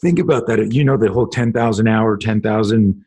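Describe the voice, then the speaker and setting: Husky, profane middle-aged man telling stories. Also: lowish voice, brisk. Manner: animated, profane storyteller acting out dialogue. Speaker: self-defense instructor and podcast host. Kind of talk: storytelling in a casual interview.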